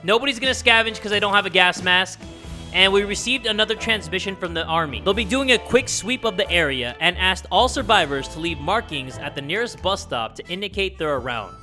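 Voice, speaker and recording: A young man casually commenting on a survival game, reading its text aloud and yelling at it. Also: high voice, fairly quick, faint music behind. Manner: loud, excitable, yells and swears at the game. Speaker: gaming YouTuber. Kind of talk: let's play commentary.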